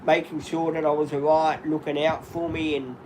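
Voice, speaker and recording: Speaking from home on a live stream, a man in his fifties with a voice a little high for a man rambles candidly at a normal pace, addressing his viewers as "guys." The audio is poor, with steady background noise, clicks and a passing vehicle beneath his voice.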